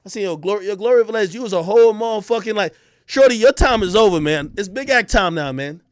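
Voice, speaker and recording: Young guy going off on stream, high voice, super loud and cocky, cursing nonstop, dry close mic. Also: expressive, fast, no room sound. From Jamaica. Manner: loud, profane, boastful, swings between shouting and muttering. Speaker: livestream host. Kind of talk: heated ranting livestream.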